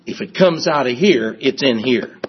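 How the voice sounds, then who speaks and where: A man's voice: medium pitch, lively intonation, normal speed, dull audio, a little hiss or hum. A man preaching a sermon with emphasis, repeating his key phrases and acting out people's excuses.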